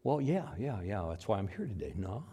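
Man, pastor, middle-aged, sermon, animated delivery, wide-ranging pitch. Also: brisk, slightly rough. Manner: animated, swinging from loud high outbursts to low quiet asides; voices God and doubters in dialogue.

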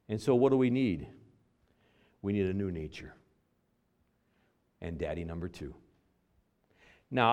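Male pastor, middle-aged, mid-pitched, animated sermon delivery with emphatic repetition. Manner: emphatic, repetitive, drops low and quiet on key words.

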